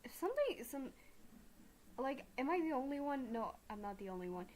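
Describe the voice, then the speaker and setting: A woman's voice: sits high, sing-song, fairly quick, darkish tone, slight background noise. A young woman streaming a game live, rambling and chatty, self-mocking, with lots of fillers.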